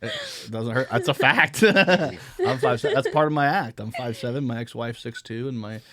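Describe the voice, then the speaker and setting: A man's voice: medium pitch, a little fast, pushed and bright, no echo. A man in his thirties hosting a casual comedy chat, laughing often and swearing as he tells stories. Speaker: podcast host.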